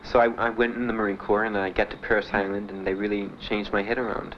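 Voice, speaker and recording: A young veteran gives testimony in a slightly low voice, plain and halting, full of pauses and fillers. The recording is muffled and dull, like an old 1970s archive tape. A faint hiss sits under his voice. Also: level tone. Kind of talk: spoken testimony.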